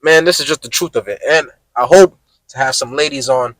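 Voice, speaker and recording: A man's voice: medium pitch, brisk, fairly bright tone, no room sound, poor audio. A man hosting a podcast in casual, slangy chat, speaking emphatically and addressing listeners directly. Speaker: podcast host.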